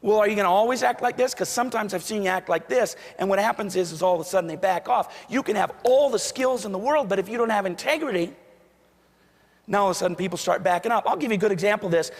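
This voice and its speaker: Male keynote speaker, lively storyteller, slightly high voice, long hall reverb. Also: quick pace. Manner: storytelling, acts out quoted voices. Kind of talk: motivational keynote speech.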